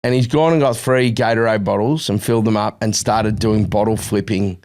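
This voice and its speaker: A man's voice: fairly low pitch, fairly quick. A middle-aged Australian man, a podcast co-host, telling a long story in casual chat and acting out the quotes. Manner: animated storytelling, acts out quotes.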